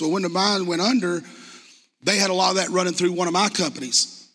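A man's voice: sits high, fairly even intonation, fairly quick, bright, forceful tone. A man preaching a sermon as pastor in a church sanctuary, talking in a conversational, impassioned way and asking the congregation rhetorical questions. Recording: long reverb from a church hall.

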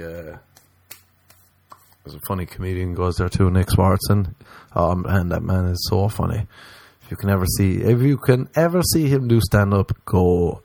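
A man from Ireland with a Cork accent, telling comic stories in a rambling, animated chat full of crude humor and tangents. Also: sits low, creaky, dry recording. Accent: Irish, Cork.

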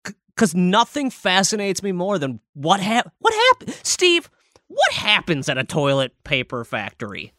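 A man's voice: sits high, huge pitch swings, measured pace, sharp tone, dry recording, clean studio sound. A man hosting a casual podcast, joking and teasing his friends and swearing freely. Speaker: podcast host.

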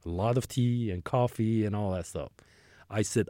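A man's voice: lowish voice, moderate pace, warm tone, no echo, studio quality. A man in his sixties telling a long work story as an interview guest, rambling, with restarts and acted-out dialogue. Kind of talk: conversational storytelling.

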